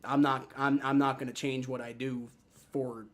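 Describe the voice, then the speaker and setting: A young man hosting a live football reaction stream, swearing and shouting in outrage at the referees, then talking casually to his chat. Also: medium pitch, flat delivery, normal speed. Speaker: livestream football reaction host. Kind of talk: live sports reaction commentary.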